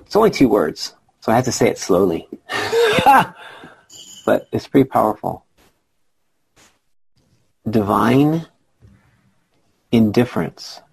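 A man's voice: medium pitch, huge pitch swings, moderate pace, vocal fry, breathy edge, low-quality recording. A man leading a spiritual discussion group over a video call, encouraging and playful in how he draws people out. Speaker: group facilitator.

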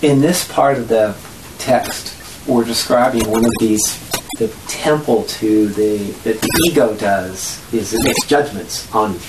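A spiritual study group teacher giving a lesson to a group, animated, laughing often and acting out voices. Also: mid-range voice, unhurried, echoey room, background noise.

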